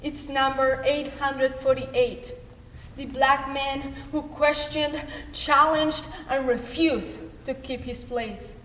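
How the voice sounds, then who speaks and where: Teen girl, high bright voice, slow, intense solo monologue, echoey hall. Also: fairly even intonation, a little hiss or hum. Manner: intense, halting, emotional delivery. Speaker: student performer. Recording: echoey hall, faint ambience.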